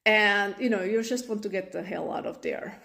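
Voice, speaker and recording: A woman vlogging about parenting, telling an everyday story in an animated way and acting out the scenes. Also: mid-range voice, moderate pace, creaky. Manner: animated, acts out the scenes in voices. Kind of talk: casual storytelling monologue.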